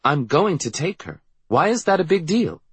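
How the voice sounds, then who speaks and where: A brisk, impatient mother who brooks no argument, as a man puts her on. She speaks firmly in a slightly lifted, husky voice. The sound is dry and close. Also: on the high side, sing-song, a bit bright, dry recording, pitched above the performer's own voice, heavily acted. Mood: patient. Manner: brisk and firm.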